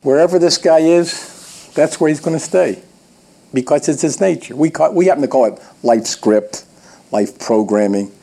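A man's voice: a little high, normal speed, gravelly, warm tone. A man giving a motivational sales training talk in a folksy, emphatic way, addressing the audience directly.

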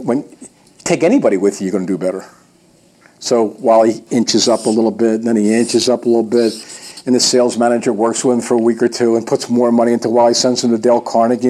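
A man's voice: mid-range voice, warm tone. A man giving a motivational sales training talk in a folksy, emphatic way, addressing the audience directly.

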